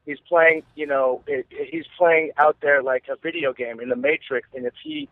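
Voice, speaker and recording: A forty-year-old man from California's East Bay, a podcast guest telling rambling, excitable stories in casual chat. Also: a little high, normal speed, no echo. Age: 40s. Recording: tinny phone line, dry.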